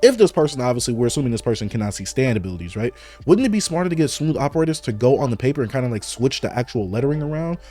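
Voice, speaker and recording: A man hosting a casual live read-along, thinking aloud and jumping excitedly into speculation. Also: mid-range voice, rapid-fire, soft background music. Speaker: host reading comics aloud.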